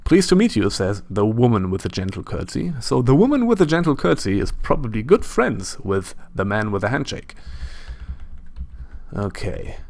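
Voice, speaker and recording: A man's voice: lowish voice, gravelly, darkish tone. A man with a German accent giving chatty, casual gameplay commentary as he plays, thinking aloud and adding self-deprecating asides. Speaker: let's play host.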